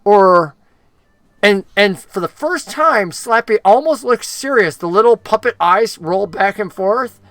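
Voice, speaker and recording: Gm telling the story, animated, bright crisp voice, dry close sound. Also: medium pitch, a little slow, no room sound. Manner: lively storytelling, with frequent acted voices. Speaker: game master. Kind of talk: narrating a tabletop game.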